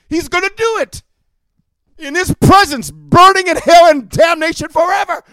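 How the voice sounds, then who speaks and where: A man preaching a fiery sermon, often shouting and calling "amen?" to his listeners. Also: very high voice, moderate pace, dry recording.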